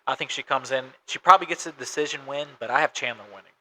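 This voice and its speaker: A man's voice: mid-range voice, fast, pushed and bright, poor audio. A man co-hosting a casual sports podcast, matter-of-fact as he runs through stats and betting odds. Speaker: podcast co-host.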